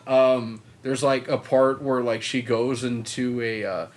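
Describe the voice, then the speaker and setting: A young man on a casual podcast who rambles through stories, swears often and jumps into loud acted-out quotes. His pitch sits in the middle range for a man. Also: steady tone, measured pace. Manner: rambling storyteller, swears freely, acts out quotes in loud voices. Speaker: podcast co-host. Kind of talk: casual chat.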